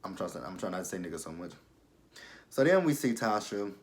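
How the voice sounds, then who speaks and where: A man's voice: low-pitched, very animated, fairly quick, a little mellow. A young adult man casually recapping a TV episode for his vlog, chatty and full of fillers, breaking into exaggerated reactions. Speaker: TV episode reviewer.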